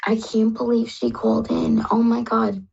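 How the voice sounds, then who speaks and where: A woman's voice: a little high, level tone, normal speed, gravelly, darkish tone, breathy edge, highs cut off. A woman hosting a live call-in psychic reading show, effusive and tearful, calling callers "love".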